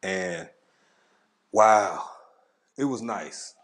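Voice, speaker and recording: Guy chilling on a livestream, shouting out the chat, lowish voice. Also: animated, very slow. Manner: greets chat viewers one by one, laid-back. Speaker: livestream host. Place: home at a camera.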